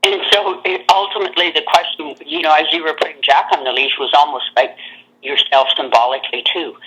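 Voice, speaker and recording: Woman guest, reflective, hesitant, bright tone, heard over a phone line. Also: low-pitched, steady tone, a little fast, a little hiss or hum. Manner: hesitant, reflective, many fillers and restarts. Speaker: reader, guest. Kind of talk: casual chat over a call.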